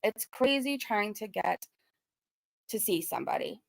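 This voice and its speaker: A young woman from Southern California, a commentary YouTuber, talks casually and earnestly to her viewers in a vlog, rambling with lots of fillers. She sounds choked up and close to tears. Her medium-pitched voice is gravelly and a little slow, with lively intonation and no echo.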